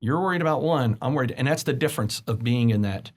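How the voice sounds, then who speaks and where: A man, a business coach, a guest on a podcast, telling stories in an animated, conversational way. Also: mid-range voice, quick pace. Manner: animated storytelling, acts out quoted people.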